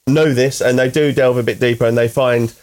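A man's voice: mid-range voice, steady tone, fairly quick, a little mellow. A man hosting a casual podcast chat, rambling and repeating words as he thinks.

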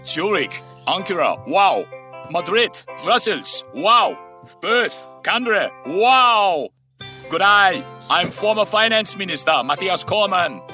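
A man's voice: high voice, expressive, slow pace, pitched above the performer's own voice, full character voice. A man doing a German-accented impression of a smug former finance minister in a mock airline ad. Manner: smug, salesman-like, soft R. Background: music.

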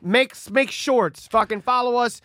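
A man's voice: very high-pitched, measured pace, bright, forceful tone, no room sound, studio quality. A man from New York, a comedian co-hosting a podcast, swearing and laughing through crude banter. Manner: laughing, swearing, talking over each other.

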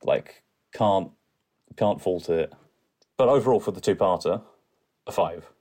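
Guy cohosting a podcast, really low voice, mellow and easygoing. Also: unhurried. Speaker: podcast co-host. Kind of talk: casual chat.

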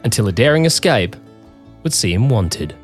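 Man, documentary narrator, scripted, measured delivery. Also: fairly low pitch, sing-song, soft background music. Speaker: documentary host.

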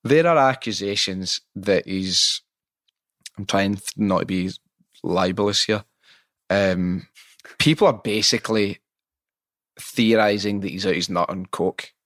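Guy hosting a chat, swears a lot, lowish voice, dry sound. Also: measured pace, long pauses, no echo. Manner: animated, sweary storytelling. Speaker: podcast host. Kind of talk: casual interview chat.

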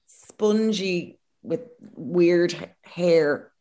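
An Irish woman in her young adult years tells a long story with lively, self-mocking energy. Her voice sits a little low, and her talk is loose, chatty and peppered with swearing. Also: very slow. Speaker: podcast co-host. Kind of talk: casual storytelling chat.

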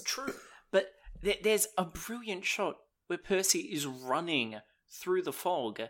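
A man's voice: sits high, lively intonation, takes it slowly, a bit bright. A man co-hosting a podcast, chatting in an enthusiastic, jokey way. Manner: enthusiastic, jokey, frequent restarts. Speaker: podcast co-host. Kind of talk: casual review chat.

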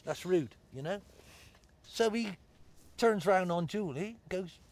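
A middle-aged man with a Bristol accent tells stories from his football days in easy, casual chat. His voice sits a touch higher than usual. He talks bluntly, swears freely and calls his listener mate. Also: animated, slow pace. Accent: Bristol English. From Bristol, England. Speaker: former footballer.

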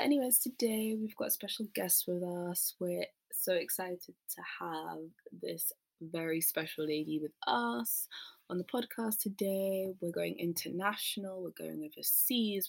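British female podcast host, chatty and playful, gravelly fry. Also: fairly low pitch. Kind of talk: casual podcast chat.

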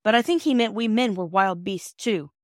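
A woman's voice: mid-range voice, moderate pace, dry recording, studio quality, pitched above the performer's own voice, lightly acted. A woman reading a classic children's storybook aloud and voicing a boastful boy who teases his sisters with a superior air. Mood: stiff. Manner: superior, teasing.

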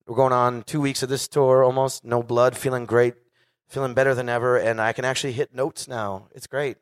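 A man's voice: medium pitch, level tone, a little fast, clean tone, no echo, clean studio sound. A man in his forties, a singer, telling a candid and profane story casually to a live audience. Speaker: guest singer.

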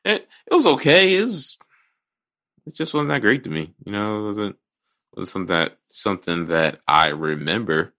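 Deep-voiced man rambling in blunt podcast chat. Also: lively intonation, moderate pace, sharp tone. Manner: rambling, restarts a lot, blunt and profane. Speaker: podcast co-host. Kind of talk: casual movie chat.

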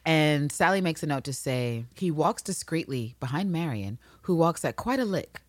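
A woman's voice: low-pitched, no room sound. A woman from New York co-hosting a podcast, swearing freely and slipping into voices as she recaps a TV series. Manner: profane, animated storytelling, quick to put on voices. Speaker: podcast co-host. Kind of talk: casual chat recapping a TV series.

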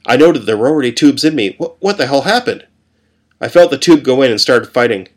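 A man reading a first-person story aloud in a calm, steady way. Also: mid-range voice, a little fast.

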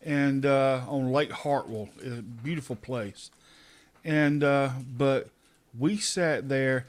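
A man's voice: mid-range voice, slow pace. A middle-aged man co-hosting a podcast in casual chat, a chatty storyteller who laughs often. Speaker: podcast co-host.

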